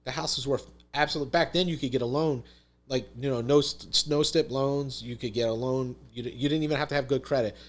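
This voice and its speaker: A man's voice: medium pitch, fairly even intonation, fairly quick. Emphatic man telling a story. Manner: emphatic, swears freely, says "dude" and "literally". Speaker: podcast guest. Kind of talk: casual storytelling.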